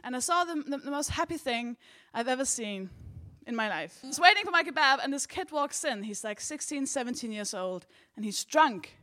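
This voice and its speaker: A woman's voice: high voice, expressive, moderate pace, sharp tone. A woman co-hosting a comedy podcast, telling a stand-up story in a blunt, self-mocking way.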